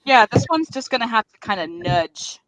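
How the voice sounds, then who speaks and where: A woman's voice: fairly high pitch, big pitch swings, normal speed, background noise. A woman chatting on a livestream call, bubbly and talkative. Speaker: livestream participant. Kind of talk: casual group chat.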